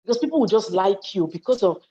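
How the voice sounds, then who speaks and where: Lively Nigerian woman on a dull call line. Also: medium pitch, quick pace. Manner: lively and conversational, acts out what people say, asks listeners if they follow. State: hungry and yawning. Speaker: speaker on leadership and volunteering. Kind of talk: live online talk to an audience in a chat. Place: home study. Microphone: video call.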